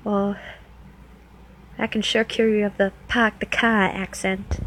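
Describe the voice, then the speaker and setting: A woman's voice: mid-range voice, level tone, slow pace, fairly bright tone, a little hiss or hum, low-quality recording. A woman playing a teasing New Jersey club dancer. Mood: flirty teasing. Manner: playful, teasing, coaxing. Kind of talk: first-person audio role-play.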